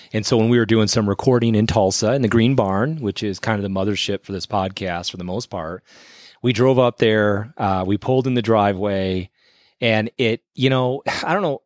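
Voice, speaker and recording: Dude on a podcast telling a story, gets excited and goes high, dry close mic. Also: male voice, no echo. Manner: animated storyteller, voice jumps up for effect. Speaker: podcast co-host. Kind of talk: casual storytelling chat.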